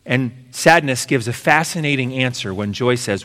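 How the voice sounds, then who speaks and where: A man preaching a sermon as pastor, using rhythmic repeated phrases and swinging between emphatic and hushed delivery. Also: medium pitch, lively intonation, normal speed, long reverb tail.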